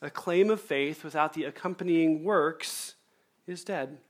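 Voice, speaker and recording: A male pastor preaching a sermon, emphatic and measured, repeating key phrases and slowing down to stress them. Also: fairly high pitch.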